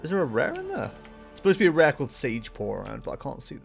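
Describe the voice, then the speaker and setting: Chatty man with lively pitch. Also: fast, vocal fry, faint music behind. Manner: rambling, chatty, with frequent fillers and self-corrections. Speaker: streamer. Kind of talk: casual gameplay commentary.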